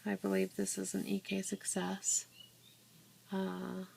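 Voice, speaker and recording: Slow, gravelly woman showing a craft album. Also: mid-range voice, monotone, darkish tone. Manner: unhurried, many fillers and restarts. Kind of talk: casual craft walkthrough. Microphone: handheld phone camera. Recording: faint room noise, phone capture.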